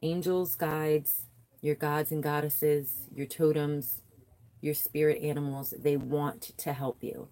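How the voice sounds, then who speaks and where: Low-voiced spiritual reader woman. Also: flat delivery, dark tone, rough recording. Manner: soothing and slow, repeating affirmations; chatty and encouraging, greeting viewers by name. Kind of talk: guided meditation and tarot reading on a livestream.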